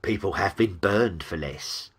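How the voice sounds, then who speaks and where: A man's voice: fairly low pitch, a little slow, bright, forceful tone, husky, exaggerated voice. A man voicing a sullen, spiteful male demon from hell with an Australian lilt, whining and obsequious. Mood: smug.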